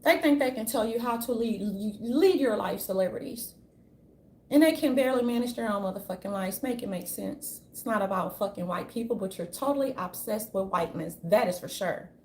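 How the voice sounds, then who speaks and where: A woman's voice: on the high side, animated, fairly quick, a little mellow, slight background noise. Blunt, profane woman ranting in a roomy space. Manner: blunt, profane, rambling, with many restarts. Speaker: vlogger. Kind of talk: casual opinion rant. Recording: roomy echo, faint ambience.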